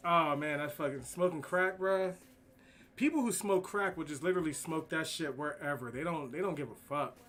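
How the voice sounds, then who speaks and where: Man, laid-back slang-heavy storyteller, curses a lot, slightly high-pitched voice. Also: normal speed, fairly bright tone. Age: adult with kids. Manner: profane, slangy, rambling anecdotes. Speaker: streamer. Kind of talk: casual storytelling while drawing.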